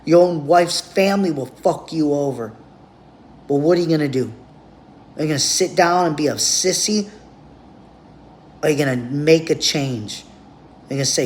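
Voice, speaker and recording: A man's voice: on the high side, moderate pace, long pauses, slight background noise. A man giving a blunt, profane, rambling monologue straight to camera as a vlogger.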